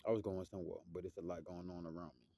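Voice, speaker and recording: A man's voice: level tone, racing, creaky, warm tone, dry recording. A young man, talking in a loose, slangy, rambling monologue that drifts off topic. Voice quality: deep voice. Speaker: musician vlogger.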